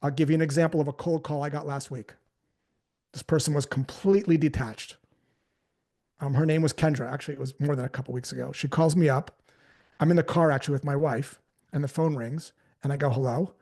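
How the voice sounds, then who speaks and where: A man's voice: fairly high pitch, fairly even intonation, brisk, mellow. A man giving a live sales training talk, casually telling stories and acting out the conversations in them.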